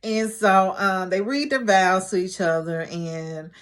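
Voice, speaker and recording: A woman vlogger recapping a TV episode in casual chat, chatty and animated with joking asides. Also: mid-range voice, slow.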